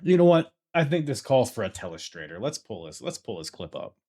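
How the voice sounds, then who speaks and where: A man hosting a casual wrestling review podcast, talking excitedly, laughing and swearing as he tells the story. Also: mid-range voice, a little fast. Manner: excitable, swears freely, laughs while telling. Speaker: podcast host.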